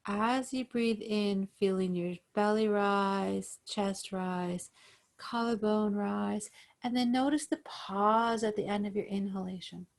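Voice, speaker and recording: A woman yoga instructor gently guiding breathing exercises over a video call. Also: mid-range voice, fairly even intonation, gravelly. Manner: slow, gentle, soothing guidance.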